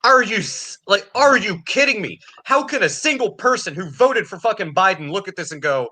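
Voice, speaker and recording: A man's voice: sits high, expressive, moderate pace, bright, forceful tone. A man ranting angrily and sarcastically about politics, swearing constantly. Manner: angry, profane, sarcastic ranting. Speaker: podcast co-host.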